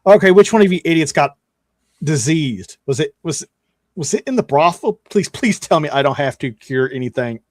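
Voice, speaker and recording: A man's voice: medium pitch, slow pace, pauses often, dry recording, clean studio sound, close to an everyday voice. A man voicing a scornful, foul-mouthed male cleric who grumbles sarcastically at adventurers in a tabletop game. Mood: exasperated.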